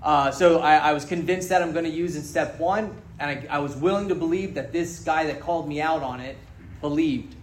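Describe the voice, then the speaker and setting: A man's voice: a little high, a little fast, a little hiss or hum. A man sharing his story at a recovery meeting, frank and joking, swearing freely as he speaks to the group. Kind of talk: candid personal testimony to a group. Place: meeting room with an audience. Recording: roomy hall echo.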